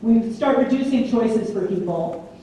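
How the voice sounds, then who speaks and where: A woman giving a public lecture, telling lively stories and acting out the voices she quotes. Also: a little high, measured pace. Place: large community hall. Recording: echoey hall from far off, faint hum.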